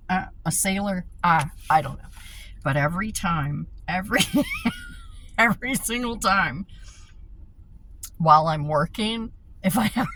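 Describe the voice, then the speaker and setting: A woman's voice: lowish voice, a bit bright, slight background noise. A woman vlogging a casual rant, swearing freely, laughing often and repeating herself.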